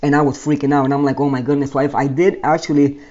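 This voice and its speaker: A man's voice: mid-range voice, little pitch movement, quick pace, darkish tone, lo-fi sound. A man telling his own life story in a rambling monologue, often restarting and correcting himself.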